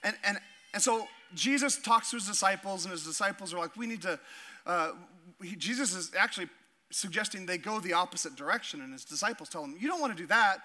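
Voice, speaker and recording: A man from Alaska delivers a sermon with a high, strikingly bright and forceful voice. He tells stories with laughter and plays out the voices of the people in them. He sounds middle-aged. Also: a little fast. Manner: animated, laughing storyteller acting out voices. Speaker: pastor.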